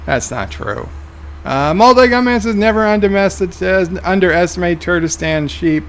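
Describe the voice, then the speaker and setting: Gravelly man reading chat aloud. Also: sits high, lively intonation, moderate pace. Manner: reads viewer comments aloud, dry asides. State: tired, yawning. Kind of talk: casual live-stream commentary.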